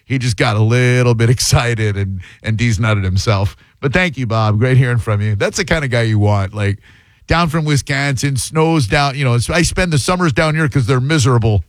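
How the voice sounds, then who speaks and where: A man hosting a talk radio show, bantering with callers and cracking quick jokes. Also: medium pitch, lively intonation, no echo, studio quality. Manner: quick, wisecracking. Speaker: radio host. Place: radio studio. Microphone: studio mic.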